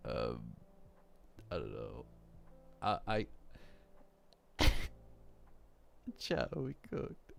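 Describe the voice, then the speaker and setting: A man's voice: extremely low pitch, wildly swooping pitch, very slow, gravelly, long pauses, fairly bright tone. A young man chatting casually on a live stream in a rambling, self-deprecating way.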